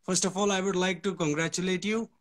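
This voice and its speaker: A man's voice: high-pitched, fairly even intonation, fast talker, fairly bright tone. Eager Indian-accented male caller. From Kashmir, India. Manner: polite and eager, many hesitations.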